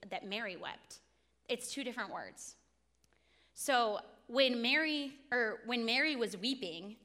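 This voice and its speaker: A woman's voice: mid-range voice, bright, forceful tone, big-room sound. A woman in her twenties giving a sermon, telling a personal story in an earnest, confessional way. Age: 20s. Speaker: speaker at a faith talk.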